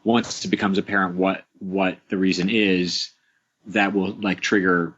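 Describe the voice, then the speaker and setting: A man being interviewed about making his show speaks in a low, fairly bright voice with little pitch movement and a measured pace. His talk is casual and rambling, with many fillers, restarts and small chuckles, over dull lo-fi podcast sound.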